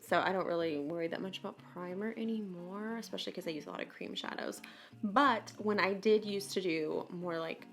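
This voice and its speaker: A woman in her late twenties chatting casually through a makeup tutorial, bubbly and full of self-deprecating asides. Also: fairly low pitch. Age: late 20s. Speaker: beauty vlogger.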